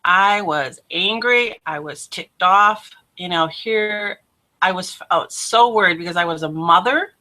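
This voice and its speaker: A woman hosting her own show, telling a personal testimony in an animated way, laughing often and acting out what people said. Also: lowish voice, unhurried. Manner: animated, laughs often, acts out quoted voices. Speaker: host.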